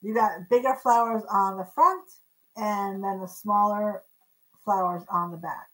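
A woman's voice: medium pitch, unhurried, poor audio. A woman co-hosting a live online auction, chatting casually as she describes vintage pieces and stumbles over names. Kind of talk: casual live-stream selling chat.

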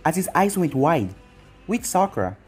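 Husky voice reading fan fiction. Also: normal speed, soft background music. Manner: plain storytelling with lively pitch. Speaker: narrator.

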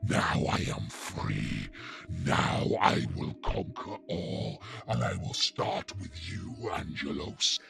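A man voicing a menacing male demon with a gravelly, growling voice and slow, gloating threats. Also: a bass voice, sing-song, fairly bright tone, faint music behind, pitched below the performer's own voice, heavily acted.

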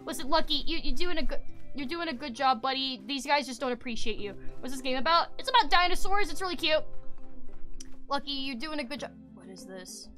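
A woman streaming a game, chatting casually with her viewers and swinging between loud squeals and low mutters. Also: lively intonation, brisk, soft background music. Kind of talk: casual gameplay commentary.

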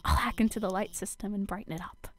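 A woman voicing a nervous, nerdy female scientist from a game, reading the lines aloud in an eager, slightly halting way. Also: mid-range voice, pitched below the performer's own voice, lightly acted.

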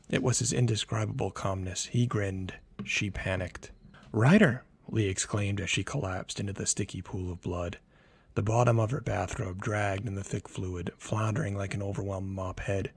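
Low, gravelly male thriller narrator. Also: no room sound. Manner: measured, grave storytelling. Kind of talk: scripted dramatic narration.

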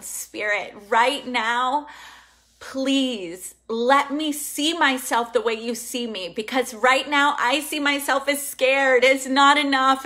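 A young woman hosting an online manifesting workshop, talking in an emphatic, excitable and casual way, swearing now and then. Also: high-pitched. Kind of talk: live online workshop teaching.

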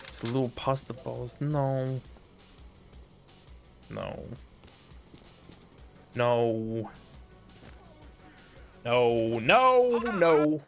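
A male gaming streamer chatting with his viewers in a loose, joking way, swearing casually and laughing often. He talks at an unhurried, drawn-out pace in a mid-range voice. Faint game music runs in the background. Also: medium pitch, expressive, vocal fry. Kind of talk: casual live-stream chat.

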